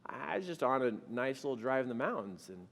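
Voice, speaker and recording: A middle-aged man telling a funny personal story to an audience, animated and self-mocking. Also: medium pitch, fairly quick, vocal fry, big-room sound.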